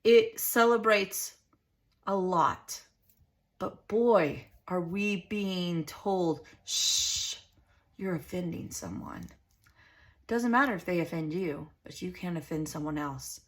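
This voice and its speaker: A woman's voice: lowish voice, slow pace. A middle-aged woman hosting a craft channel, chatting in a rambling, heartfelt way while she works on a journaling page. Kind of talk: casual chat while crafting.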